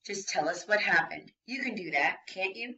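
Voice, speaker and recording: Brief: woman voicing a gruff older country judge, coaxing but rough, bright tone, dull recording. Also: medium pitch, animated, normal speed. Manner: gruff attempt at soothing. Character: gruff older male small-town judge.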